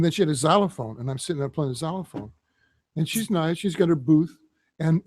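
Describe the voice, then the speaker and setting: An older man runs a drum circle and spins loose, rambling anecdotes, laughing softly between lines. His voice sits a little high. The sound is close and dry, with no room around it. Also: dry recording. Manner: rambling anecdotes with chuckles and fillers. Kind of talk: casual storytelling.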